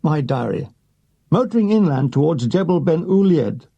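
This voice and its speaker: A man's voice: a little high, animated, normal speed, vocal fry, slightly rough, highs cut off. A man reading a wartime memoir aloud, with a dry comic delivery that gives the other characters their own voices. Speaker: audiobook reader.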